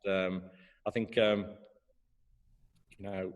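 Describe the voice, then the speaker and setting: A man's voice: deep voice, flat delivery, slow, long reverb tail. A middle-aged man teaching trombone in an online masterclass, hesitant, with many fillers and restarts.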